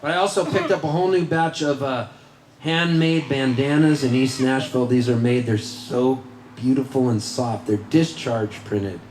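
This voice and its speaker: A singer-songwriter on stage at a winery concert chats with the live crowd between songs, goofy, rambling, self-mocking, and often laughing. His mid-range voice is steady, darkish, and at normal speed, through a stage vocal mic. The roomy live recording includes guitar and a little hiss or hum.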